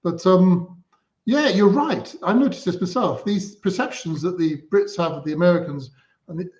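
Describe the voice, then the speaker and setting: A British man from England, a guest author chatting quickly on a remote call, hesitating as he talks. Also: sits high, a little mellow. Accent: British English. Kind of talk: remote interview conversation. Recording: roomy, dull video-call audio.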